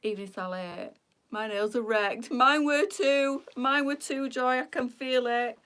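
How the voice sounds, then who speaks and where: A bubbly, chatty middle-aged woman hosts a casual live stream. She talks with easy warmth and breaks into laughter often. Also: a little high, a little slow, clean tone. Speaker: boutique live-stream host.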